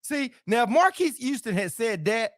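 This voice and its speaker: A man's voice: extremely high pitch, very animated, moderate pace, no room sound, studio quality. A middle-aged man hosting a casual livestream, reading viewer comments aloud and joking, with a playful manner and frequent repeated phrases.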